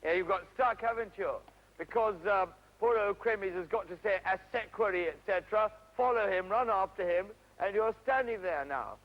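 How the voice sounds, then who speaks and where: A man directing actors at an outdoor play rehearsal, stopping them briskly to correct their delivery and staging. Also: sits high. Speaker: drama teacher directing a rehearsal. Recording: dull, faintly noisy 1970s archive recording.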